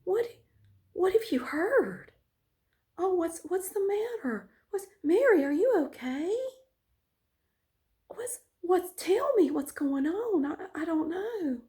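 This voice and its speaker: A woman's voice: very high-pitched, very animated, takes it slowly, long pauses, dark tone, pitched above the performer's own voice, full character voice. A woman voicing a two-faced male teacher who stammers and fawns in false innocence. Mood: fake concern.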